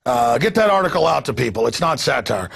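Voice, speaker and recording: A man hosting a news commentary show, ranting in a sarcastic, mocking way and jumping between loud bursts and low asides. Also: sing-song, brisk, creaky, husky. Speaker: host.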